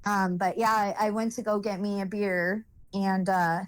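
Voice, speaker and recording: A woman's voice: medium pitch, flat delivery, measured pace, dry recording. A woman speaking as a guest and telling a personal story in a blunt, rambling way, with lots of fillers and swearing.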